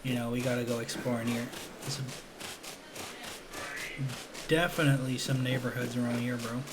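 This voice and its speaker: A man's voice: mid-range voice, steady tone, normal speed, background noise. A young man casually commentating a game on his stream, joking and slangy. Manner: joking, slangy, laid-back.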